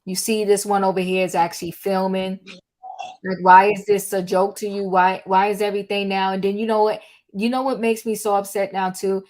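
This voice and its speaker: A woman's voice: mid-range voice, flat delivery, a little fast, darkish tone. An older woman hosting a live online chat room, talking casually and earnestly with plenty of fillers. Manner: chatty, earnest, lots of fillers. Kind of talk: casual live talk show. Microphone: online audio room.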